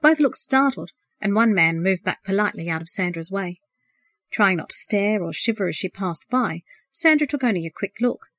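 A woman narrating a novel as an audiobook, in a measured, expressive reading. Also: mid-range voice, dry recording, clean studio sound.

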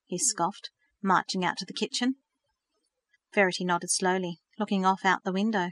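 A woman narrating a novel in an expressive storytelling manner. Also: medium pitch, normal speed. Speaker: audiobook narrator. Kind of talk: scripted narration.

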